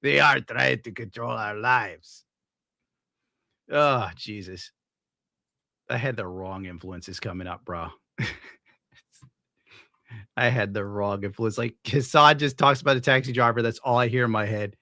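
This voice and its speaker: A man reacts to clips in casual, crude commentary, laughing often and slipping into mock voices. His voice is bright and forward. It sounds dry and close to the mic. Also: on the low side, moderate pace, pauses often, no room sound. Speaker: streamer host.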